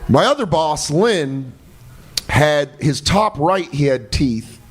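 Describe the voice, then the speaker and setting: A comedian guest on a podcast, telling profane, laughing anecdotes in casual chat. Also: male voice, fairly high pitch, expressive, slow.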